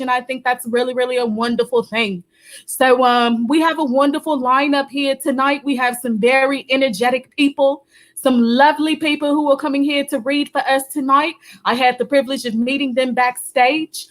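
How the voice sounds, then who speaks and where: A woman's voice: high-pitched, natural voice. A woman playing a flamboyant, well-travelled stand-in host who hosts an online reading night with theatrical, teasing banter. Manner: theatrical, teasing, with an accent that wanders between places. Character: flamboyant globe-trotting female substitute host. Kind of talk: playful live-stream hosting banter.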